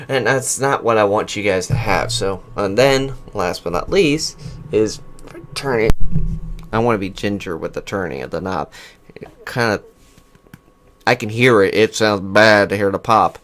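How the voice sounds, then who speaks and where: A man talks casually into a USB desk microphone in his computer room, reviewing it for his gaming channel. His voice sits at an ordinary middle pitch. He rambles, loops back and restarts sentences as he flips between settings. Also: moderate pace, a bit bright. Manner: rambling, restarts sentences, switches mic settings while talking. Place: home computer room with whirring fans. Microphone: USB desk microphone, switching pickup patterns.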